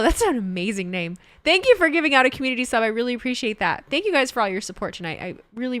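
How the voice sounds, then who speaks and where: A woman's voice: a little high, very animated, rapid-fire, few pauses, a bit bright, no room sound, faint music behind. A woman streamer in casual live chat, joking theatrically and answering her viewers.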